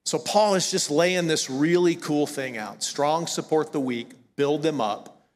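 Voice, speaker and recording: A man's voice: on the high side, a little slow, big-room sound. A middle-aged man with a Southern US accent preaching a sermon as a pastor, conversational and emphatic, often stopping to correct himself. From American South. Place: church sanctuary.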